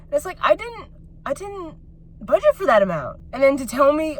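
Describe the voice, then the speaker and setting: A woman's voice: sits high, big pitch swings, moderate pace, a little hiss or hum. A woman vlogging to her phone, venting at length in a rambling, exasperated way with lots of filler words. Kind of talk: personal vlog rant.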